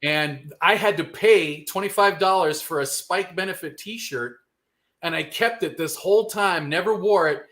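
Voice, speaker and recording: A man's voice: sits high, unhurried, a bit bright. A man, a guest telling a long rambling story in casual, profane street slang. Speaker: guest musician.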